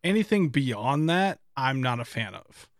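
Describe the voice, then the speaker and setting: A man co-hosting a casual podcast, rambling and animated, laughing and swearing as he talks. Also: mid-range voice, a little slow, no echo, clean studio sound. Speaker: podcast co-host. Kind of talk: casual chat.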